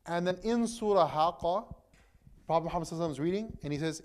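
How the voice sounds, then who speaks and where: A young man, an imam, retelling a story to a gathering in a relaxed, conversational way, full of fillers and restarts. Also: fairly high pitch, racing, a little hiss or hum. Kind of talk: casual storytelling talk.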